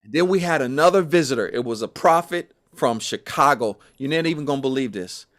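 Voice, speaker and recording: A man, a gospel musician, telling personal stories in an animated, emphatic way during a conversation. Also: mid-range voice, brisk. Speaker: gospel musician and podcast guest.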